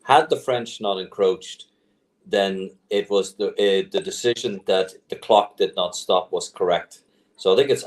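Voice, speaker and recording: Low-voiced man, rambling. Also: a little mellow, poor audio. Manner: rambling, opinionated explaining. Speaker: panel guest. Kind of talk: casual chat. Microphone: video call.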